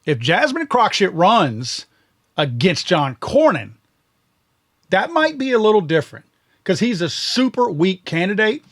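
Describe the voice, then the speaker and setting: A man's voice: high voice, big pitch swings, a little slow, fairly bright tone. A man from Louisiana hosting a podcast, giving blunt and sarcastic political commentary. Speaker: podcast host.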